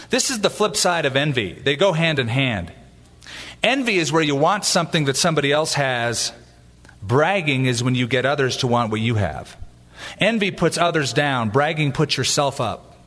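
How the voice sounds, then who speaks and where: A man preaching a sermon as a pastor, animated and joking, acting out little asides. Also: fairly high pitch, normal speed, long reverb tail.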